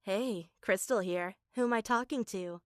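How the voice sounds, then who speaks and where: A woman voicing a breezy adult female dancer who speaks in a lower, casual, apologetic voice in an animated story. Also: a little slow, no echo, studio quality, close to an everyday voice.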